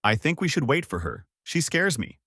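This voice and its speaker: A man doing a timid, high-voiced turtle. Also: sing-song, normal speed, bright, forceful tone, breathy edge, no room sound, clean studio sound, heavily acted. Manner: timid and grateful. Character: nervous polite male giant turtle.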